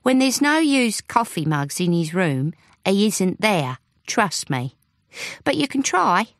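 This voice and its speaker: A woman's voice: medium pitch, big pitch swings, slow, no room sound, voice pushed up. A woman voicing a wry, gossipy older housekeeper who talks in a knowing, motherly way. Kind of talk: audiobook character voice.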